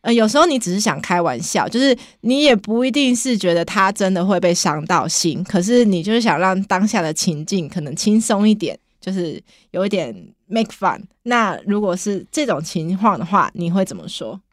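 A woman's voice: medium pitch, expressive, normal speed, hardly any pauses, no echo, clean studio sound. A woman hosting a bilingual podcast lesson, chatty and encouraging as she prompts her guest. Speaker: podcast host.

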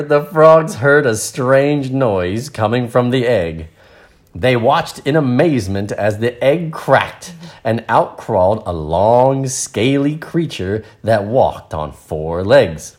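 A man reading a picture book aloud and explaining words in a relaxed, playful way. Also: mid-range voice, takes it slowly. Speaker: storyteller and English teacher.

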